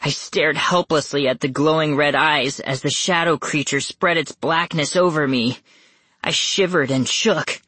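An audiobook narrator reading a first-person spooky story slowly and suspensefully. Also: mid-range voice, bright, forceful tone, husky, no echo. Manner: slow, measured and suspenseful, rising tense at scary moments. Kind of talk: first-person scripted horror narration for young readers.

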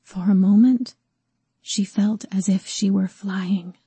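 A woman narrating a novel in an even, measured storytelling manner. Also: mid-range voice, husky, dry recording. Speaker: audiobook narrator.

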